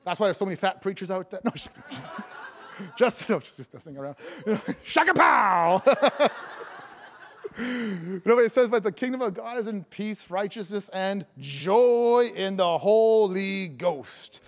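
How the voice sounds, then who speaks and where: A man evangelist preaching a sermon, joking and laughing between lines and breaking into loud proclamations of scripture. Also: high voice, normal speed. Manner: jokey, laughing often, bursts of loud proclaiming.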